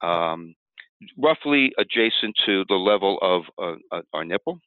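A man's voice: low-pitched, unhurried, no echo. Man teaching tapping over a tinny line. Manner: calm, explanatory, acts out upset self-talk while tapping. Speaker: tapping technique instructor. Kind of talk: demonstration walkthrough. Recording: tinny phone-like audio, dry.

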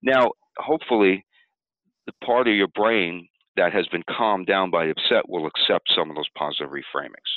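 A man teaching a tapping technique step by step in a calm, explanatory way, now and then acting out upset self-talk. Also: deep voice, moderate pace, no room sound. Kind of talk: demonstration walkthrough. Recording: tinny phone-like audio, dry.

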